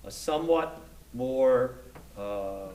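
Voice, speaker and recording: A man's voice: medium pitch, animated, slow, a little mellow, distant mic. A man giving a scripture lecture to a class. He speaks unhurriedly, often restarting his sentences and checking in with "okay?" between points. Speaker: Bible study instructor. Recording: echoey room, voice from afar.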